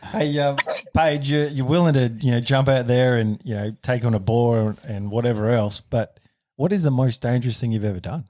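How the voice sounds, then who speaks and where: A man hosting a podcast, easygoing and quick to laugh. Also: mid-range voice, dark tone, dry recording, clean studio sound. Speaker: podcast host. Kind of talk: casual chat.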